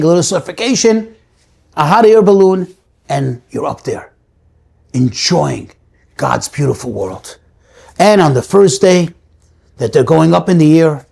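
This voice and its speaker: A man, a rabbi hosting his channel, tells a comic story with a moral in an animated way, stretching words for effect. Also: a little high, vocal fry, slightly rough.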